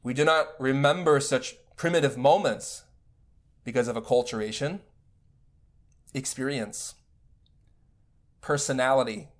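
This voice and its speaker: A man giving a recorded spiritual lecture as a teacher, speaking in a measured, deliberate way. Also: medium pitch.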